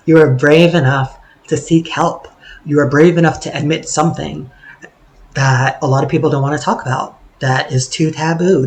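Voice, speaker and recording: Sarcastic, cursing vlogger with a highish voice. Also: male voice, poor audio. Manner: sarcastic, swearing freely; rambling with many fillers. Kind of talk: casual vlog monologue.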